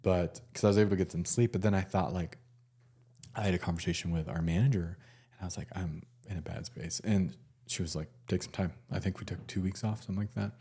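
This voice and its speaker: A man, a nurse, telling a personal story in a casual, halting way with many fillers and restarts. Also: low voice, steady tone, dark tone, breathy edge.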